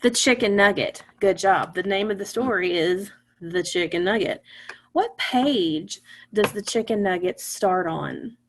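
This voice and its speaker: A woman teaching a phonics lesson to young children, patient and encouraging, sounding out words slowly. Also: medium pitch.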